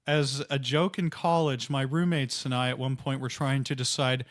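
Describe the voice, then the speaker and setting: A man's voice: medium pitch, steady tone, normal speed. A man co-hosting a podcast, joking and wisecracking in casual banter. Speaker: podcast co-host.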